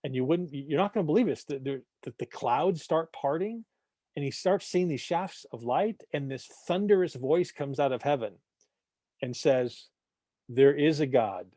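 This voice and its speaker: A man's voice: on the high side, expressive, normal speed, dark tone, no room sound, studio quality. A man teaching an adult church class in a conversational way, often repeating words, checking in with the room and punching his points with jokes. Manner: conversational, repeats words, keeps asking "right?"; tells jokes, punchy emphasis.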